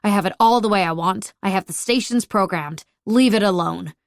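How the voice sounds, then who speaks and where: A prickly young man grumbles defensively through this audiobook scene, voiced by a woman narrator. His lines come out gruff and a little loud. The sound is dry and close. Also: medium pitch, fairly quick, no room sound, natural voice. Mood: grumbling. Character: grumpy young man, prickly rival driving an old truck. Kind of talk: audiobook character voice.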